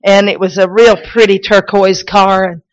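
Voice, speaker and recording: A woman preacher, shouting and crying out in a sermon, then telling folksy stories with many restarts. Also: mid-range voice, flat delivery, normal speed, highs cut off. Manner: folksy storytelling with repeats and restarts. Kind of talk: sermon with personal testimony.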